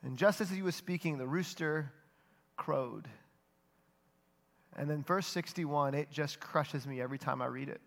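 A man preaching a sermon, telling the story earnestly and dropping his voice softly for emphasis. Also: fairly high pitch, a little slow, long pauses. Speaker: pastor.

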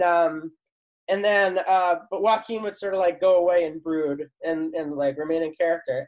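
Man rambling through a chatty anecdote. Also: high voice. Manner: rambling, filler-heavy storytelling, lots of "like". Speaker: guest, actor and comedy writer. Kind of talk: casual anecdote on a talk show.

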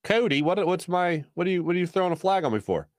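A man hosting a sports talk show, talking with a fairly high voice. He tells stories in an animated, rambling way, full of quick asides. The studio sound is close and dry, with no room around the voice. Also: no room sound. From Philadelphia. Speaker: sports radio host. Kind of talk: casual sports talk, storytelling.

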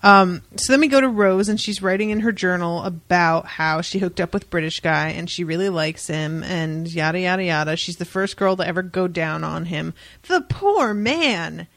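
A woman's voice: on the low side, expressive, normal speed, few pauses, fairly bright tone, dry recording. A young woman co-hosting a casual podcast, retelling a comic story with wry, profane asides and quoted voices. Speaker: podcast co-host. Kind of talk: casual book-club chat.

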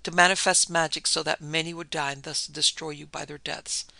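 A cunning, seductive witch woman purrs her threats softly, voiced by a man reading a storybook. The voice is sharp and bright, with a gravelly edge. It sounds close and dry, with little room. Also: fairly high pitch, level tone, a little fast, no room sound, exaggerated voice. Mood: sinister. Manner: soft purring menace.

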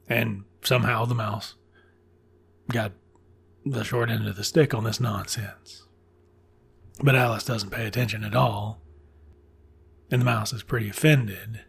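A man's voice: fairly low pitch, steady tone, moderate pace, creaky, long pauses, a bit bright, husky. A man casually retelling a classic children's story in a sardonic, irreverent way, swearing freely as he goes.

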